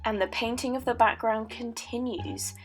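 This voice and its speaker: A woman's voice: fairly high pitch, fairly even intonation, normal speed, faint music behind. A young woman in her late teens from Britain, narrating a painting video in a joking put-on Australian accent, with a playful mock-documentary tone and dry asides. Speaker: art student. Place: voice-over recorded at home.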